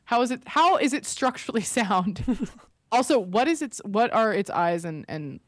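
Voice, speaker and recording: Young woman, podcast co-host, squeamish, giggly, lively pitch, dry recording. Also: normal speed, no echo. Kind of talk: casual chat.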